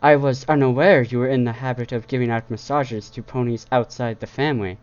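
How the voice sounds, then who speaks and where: A man's voice: mid-range voice, steady tone, a little fast, clear, resonant tone, lightly acted. A man voicing a regal, motherly princess pony who teases her son, recorded on a dull lo-fi setup.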